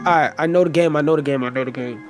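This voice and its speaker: A man's voice: a little high, very fast, music in the background. A man streaming a video game, swearing freely and reading the game's dialogue aloud in playful voices. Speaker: gaming streamer. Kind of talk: casual gameplay commentary.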